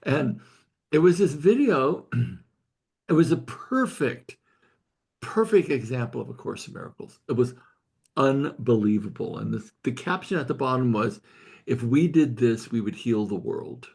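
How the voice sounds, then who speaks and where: Earnest older man with a gravelly, husky voice. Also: mid-range voice, expressive, unhurried, a little mellow. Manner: earnest, tearful, repeats and restarts words. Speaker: study group leader. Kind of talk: emotional storytelling in a group call.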